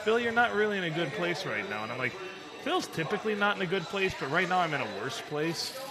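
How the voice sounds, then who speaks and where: A man's voice: high-pitched, quick pace. A man co-hosting a podcast live from a tavern, joking crudely and laughing at himself. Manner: animated, crude, self-deprecating, frequent laughter. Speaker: podcast co-host. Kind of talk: crude comedic bar banter. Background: music.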